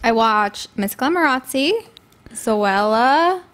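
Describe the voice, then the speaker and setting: A young woman with a fairly high voice chats playfully while she games. Her pitch swings widely as she talks. She reads out viewer questions in a bouncy, animated way. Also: takes it slowly. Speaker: gaming streamer. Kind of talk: casual gameplay chat.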